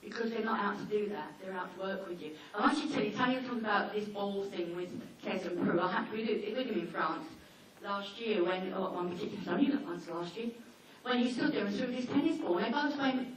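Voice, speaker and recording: A woman talking informally to a seminar audience about dogs, chatty and anecdotal, slipping into quick acted-out asides. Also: mid-range voice. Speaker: dog behaviour trainer giving a seminar. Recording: echoey hall, mic far off, faint noise.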